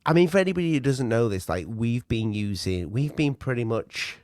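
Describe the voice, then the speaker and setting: A man's voice: medium pitch, animated, brisk, darkish tone, no room sound, studio quality. A man co-hosting a podcast, giving short replies with stammered restarts. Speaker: podcast co-host. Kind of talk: casual podcast chat.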